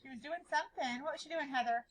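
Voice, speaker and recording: A woman's voice: high-pitched, quick pace, slight background noise, rough recording. A woman teacher leading a classroom reading lesson, asking questions again and again and calling on pupils by name. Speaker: schoolteacher.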